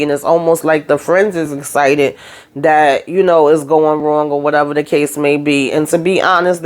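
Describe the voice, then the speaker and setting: A woman's voice: sits low, a little mellow. A woman hosting a reality TV recap, talking in a casual, blunt and sassy way and speaking straight to the cast members.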